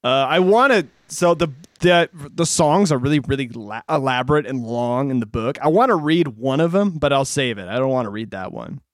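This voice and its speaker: A man's voice: mid-range voice, animated, moderate pace, hardly any pauses, no echo, studio quality. A young adult man co-hosting a podcast, chatty and laughing often in casual talk. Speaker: podcast co-host. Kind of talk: casual chat.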